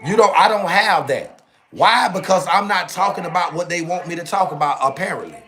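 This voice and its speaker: A man's voice: high voice, expressive, brisk, bright, forceful tone. A young adult man hosting his own channel, talking casually and animatedly to viewers on a live stream and ending phrases with "bro" and "man". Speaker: channel host.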